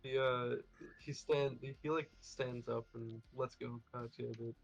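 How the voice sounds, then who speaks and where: A man's voice: mid-range voice, steady tone, moderate pace, muffled recording, soft background music. A man taking part in a tabletop role-playing game, talking in a hesitant, filler-heavy way. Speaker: player. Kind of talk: casual tabletop play.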